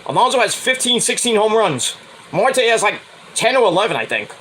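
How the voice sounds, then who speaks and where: Brash New host, blunt and swearing, animated pitch swings. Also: male voice, brisk, a little hiss or hum, low-quality recording. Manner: profane, blunt, mocks with high whiny voices. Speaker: podcast host. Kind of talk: casual sports rant.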